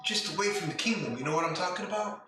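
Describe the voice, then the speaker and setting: A man's voice: high-pitched, quick pace, bright, forceful tone. A man voicing an eager young princess who craves adventure, in a bubbly, coaxing way. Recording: echoey room, distant mic, music.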